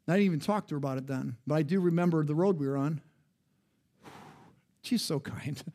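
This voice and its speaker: A middle-aged male pastor preaching a sermon in a conversational, storytelling way, his voice jumping up and dropping low. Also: gravelly, dark tone. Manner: conversational, personal storytelling with sudden rises and drops in pitch and volume.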